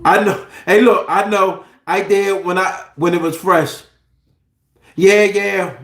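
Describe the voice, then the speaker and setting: A man in his thirties hosting a casual livestream, animated, joking and profane. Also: high-pitched, slow, echoey room. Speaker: livestream host.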